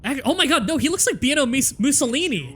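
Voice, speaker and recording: A man's voice: very high-pitched, fast talker. A young man with a Southern Ontario Canadian accent, chatting casually and laughing easily while he streams a game. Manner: chatty, lively, laughs easily, explains at length. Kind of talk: casual gaming commentary.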